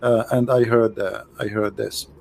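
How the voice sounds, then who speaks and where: A man hosting a debate with a caller, teasing and mocking, repeating himself and swinging between loud jabs and low asides. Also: level tone, measured pace, vocal fry. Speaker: show host debating a caller.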